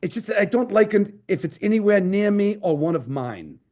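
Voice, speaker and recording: A man doing a stern old German gentleman. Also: sits high, expressive, fairly quick, voice pushed up. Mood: dryly stern. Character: elderly German immigrant man, polite but stern.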